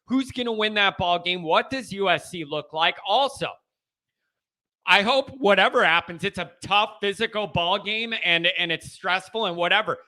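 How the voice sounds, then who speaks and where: A man's voice: high voice, normal speed. Fired-up man hosting a fan call-in show. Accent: American Midwest. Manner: animated, fired-up, repeats himself. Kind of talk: casual chat.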